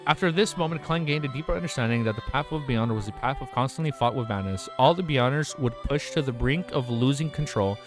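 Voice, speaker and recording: A man's voice: medium pitch, animated, fast, hardly any pauses, over music. Swearing man reading a web novel aloud. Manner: swears and exclaims, stumbles while reading, emotional. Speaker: channel host.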